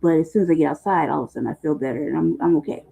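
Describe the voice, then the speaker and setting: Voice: mid-range voice, racing, vocal fry, mellow, slightly rough. A livestream host in casual, rambling talk, profane and loose with slang, often laughing. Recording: muffled phone-like livestream audio.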